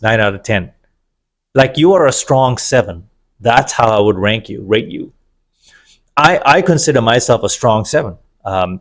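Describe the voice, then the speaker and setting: A middle-aged man giving an opinionated, sarcastic monologue about dating, wandering into digressions. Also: medium pitch. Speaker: vlogger. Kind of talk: casual monologue to camera.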